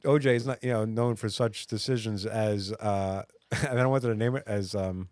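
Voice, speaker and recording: Rambling low-voiced comedian man. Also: fairly even intonation, moderate pace, a little mellow, dry recording. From United States. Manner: rambling storyteller, many fillers and restarts. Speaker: podcast co-host; stand-up comic. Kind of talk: casual chat.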